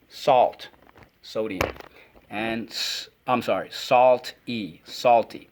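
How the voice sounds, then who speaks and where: A man's voice: mid-range voice, drawn-out words, a bit bright. A man teaching a phonics lesson to children, energetically calling out words and repeating them for the class to echo.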